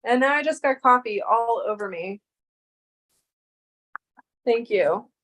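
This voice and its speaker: A young woman livestreaming to her chat, talking loosely and drifting from one tangent to the next. Her voice sits fairly high, and she easily tips into exasperated, profane rants. It is casual, unscripted streamer talk. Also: moderate pace, a bit bright. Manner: rambling, swearing, exasperated rants.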